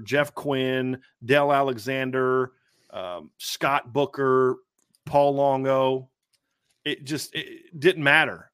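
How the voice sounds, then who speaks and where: A man co-hosting a sports podcast, talking with his usual mid pitch. He pushes his points hard, restarts sentences and keeps asking rhetorical questions. His voice is close and dry, with no room sound. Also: a bit bright, dry recording. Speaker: podcast co-host, football analyst. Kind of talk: casual sports podcast chat.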